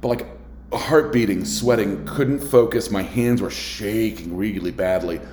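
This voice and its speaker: A man with a fairly low voice tells a story casually, stumbling through restarts and leaning on filler words. His voice bounces around a bare, echoey room. The delivery is loose, rambling storytelling. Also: measured pace, a little mellow, slight background noise. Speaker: restaurant server.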